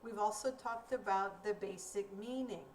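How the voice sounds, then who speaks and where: A woman teaching a recorded grammar lesson, speaking slowly and clearly in a deliberate teaching manner. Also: medium pitch, darkish tone. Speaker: ESL teacher. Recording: roomy, distant mic with faint room noise.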